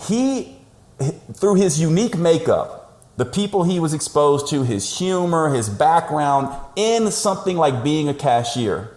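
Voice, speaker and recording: A man speaking as a podcast guest over a call, telling a story in an animated, emphatic way. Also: on the high side, measured pace. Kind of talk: conversational storytelling. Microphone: remote call audio. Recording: roomy, echoey sound.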